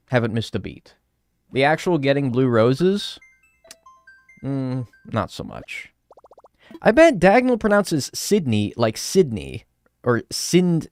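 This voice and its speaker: Lively sarcastic streamer guy. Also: medium pitch, normal speed, no echo, studio quality. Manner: chatty, sarcastic, swears, reads chat aloud. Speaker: live streamer. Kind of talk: casual live-stream chat while gaming.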